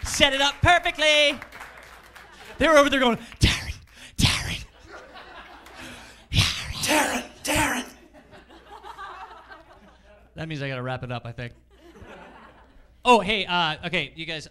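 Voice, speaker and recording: A young adult man performing stand-up comedy on a club stage with a handheld mic, acting out characters and swearing. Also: a little high. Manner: energetic, acts out characters, swears. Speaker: stand-up comedian and show host. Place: comedy club stage before a live audience.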